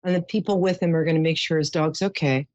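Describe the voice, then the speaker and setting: A woman's voice: sits low, fairly even intonation, quick pace, darkish tone, no room sound. A woman hosting a psychic call-in show, soothing and full of endearments as she gives readings. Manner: soothing, showers callers with endearments. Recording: dull lo-fi dry sound.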